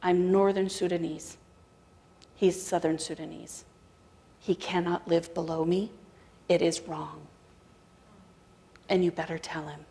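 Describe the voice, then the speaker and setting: A man's voice: a little high, flat delivery, unhurried, gravelly, pauses often, mellow. Give me a woman playing a stern, demanding male neighbor. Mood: indignant.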